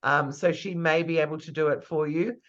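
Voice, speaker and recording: A man's voice: on the high side, fairly even intonation, brisk, a bit bright. A man coaching people on publicity in a live online class, chatty and thinking aloud with fillers and restarts. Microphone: video call. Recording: lo-fi video call audio.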